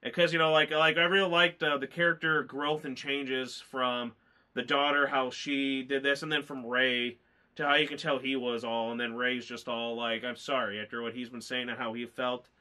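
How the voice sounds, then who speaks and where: Guy rambling about a movie, teary and choked up, bright tense voice, lots of you knows. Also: medium pitch, flat delivery, normal speed. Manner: rambling, emotional, lots of fillers. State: tearful, choked up. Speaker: movie reviewer. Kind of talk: casual chat.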